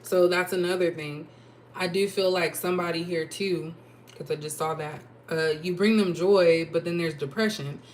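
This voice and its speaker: Chatty woman tarot reader, low voice. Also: steady tone, normal speed, slight background noise. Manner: chatty, thinking aloud with fillers and asides. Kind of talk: casual tarot reading to camera.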